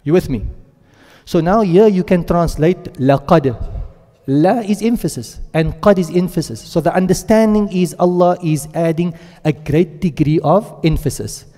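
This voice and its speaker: A male Quran teacher giving a classroom lesson, explaining step by step, checking in often with the class and reciting Arabic verb forms in quick runs. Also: high-pitched, mellow, big-room sound.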